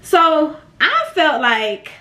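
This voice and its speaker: A woman's voice: high-pitched, very animated, extremely slow, bright, forceful tone. A young woman telling a storytime tale to her viewers in a blunt, profane, dramatic way. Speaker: storytime vlogger. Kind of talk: casual storytime chat. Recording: roomy echo.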